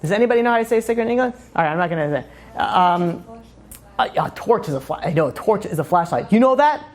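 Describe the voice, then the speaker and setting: A man's voice: sits high, animated, fast talker. A man, a rabbi giving a casual, joking class. He rambles through asides and self-mocking humor and fills his talk with "you know" and "like".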